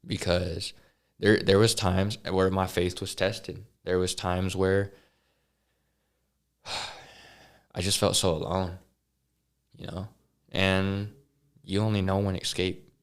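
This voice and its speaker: A man as a podcast guest, earnestly telling a personal story with halting restarts and sighs. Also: low voice, little pitch movement, clear, resonant tone. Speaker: interview guest.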